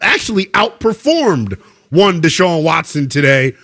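Animated high-voiced sports talk man. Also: unhurried. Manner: animated, emphatic, slangy. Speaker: sports show co-host. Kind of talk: sports talk, casual debate.

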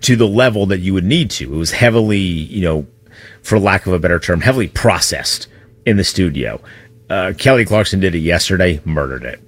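A man's voice: sits low, expressive, brisk, breathy edge. A man co-hosting a sports radio show, telling stories in a rambling, conversational way. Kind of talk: casual radio chat.

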